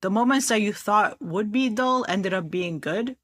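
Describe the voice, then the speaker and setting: Easygoing woman co-host, mid-pitched. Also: moderate pace. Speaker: podcast co-host. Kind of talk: casual chat.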